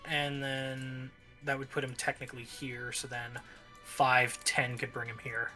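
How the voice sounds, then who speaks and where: Game master, tabletop narration, bright voice, brisk, matter-of-fact. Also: medium pitch, little pitch movement, soft background music.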